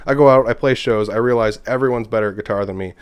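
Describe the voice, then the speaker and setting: A man with a lowish voice talks quickly and loosely as a podcast guest. He rambles through anecdotes in casual chat and slips into the voices of people he quotes. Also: smooth, dry recording. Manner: rambling storyteller who acts out quotes. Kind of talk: casual conversation.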